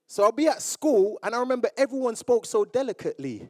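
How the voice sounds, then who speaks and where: A young man from Jamaica giving a motivational speech to a live audience, telling his story in a lively way and acting out old conversations. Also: very high-pitched, quick pace, hardly any pauses. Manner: animated storyteller who acts out remembered dialogue. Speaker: public speaker. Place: awards event room with audience.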